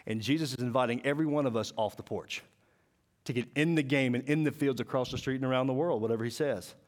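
A man preaching to a school, telling folksy stories, acting out voices and dropping to a hushed, intense tone. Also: medium pitch, fast talker. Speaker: school chapel speaker. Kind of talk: sermon.

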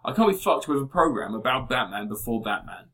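A man's voice: mid-range voice, very animated, brisk, a bit bright. A man in casual, sweary chat, giving blunt opinions on TV series.

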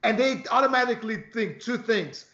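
A man in casual podcast chat, telling animated, profane stories about work. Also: extremely high pitch, a little fast. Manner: animated storyteller, swears a lot. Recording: echoey, dull lo-fi sound.

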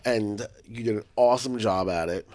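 A man co-hosting a podcast in casual chat while sick with a cold, with a gravelly voice, joking and self-deprecating, recorded at home in a small apartment. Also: on the low side, moderate pace, a little mellow. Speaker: podcast co-host.

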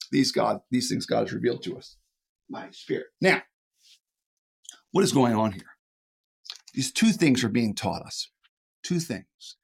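A preacher giving a sermon in an animated way, often chuckling and stumbling into quick restarts and repeated words. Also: mid-range voice.

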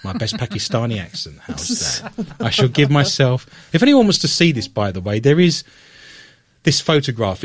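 A male podcast host at an everyday middle pitch who riffs on strange news with playful, self-mocking jokes. His voice swings widely up and down as he teases. The sound is dry and close, with no room in it. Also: breathy edge, dry recording. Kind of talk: joking casual chat.

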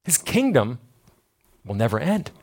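Male preacher voicing a calm angel messenger, gentle and reassuring. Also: mid-range voice, unhurried, husky, pitched below the performer's own voice, full character voice.

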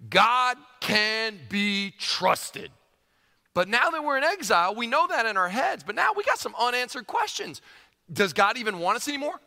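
Male preacher, high bright voice with big swings in pitch, emphatic delivery, long hall reverb. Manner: emphatic, animated, repeats phrases for effect. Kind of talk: sermon.

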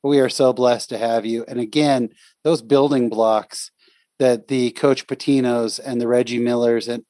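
A man's voice: medium pitch, warm tone, no room sound. A podcast host speaks with open enthusiasm, heaping praise on his guest. His mid-range man's voice is recorded close and dry, with no room sound. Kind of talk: interview podcast.

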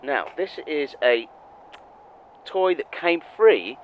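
A man's voice: a little high, sing-song, takes it slowly, dull audio, a little hiss or hum. A man co-hosting a comedy podcast, wry and rambling, swearing freely. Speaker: co-host.

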